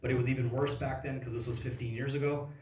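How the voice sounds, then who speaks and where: A man's voice: mid-range voice, level tone, quick pace, a little mellow, a little hiss or hum. Casual swearing man in echoey hall. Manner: casual storytelling with many fillers and swearing. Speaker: speaker at a business event. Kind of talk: motivational stage talk. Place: event hall. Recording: echoey hall recorded from far off.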